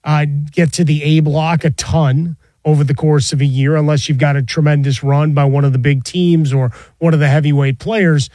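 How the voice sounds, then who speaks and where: A man co-hosting a sports talk show in a relaxed, conversational way. His voice sits slightly high, and the recording is close and dry. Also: normal speed, few pauses, dry recording, rough recording. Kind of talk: casual discussion.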